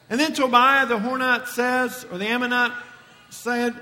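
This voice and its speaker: Man, preacher, sermon, very high voice, slow emphatic phrasing, long reverb. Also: fairly even intonation, pushed and bright.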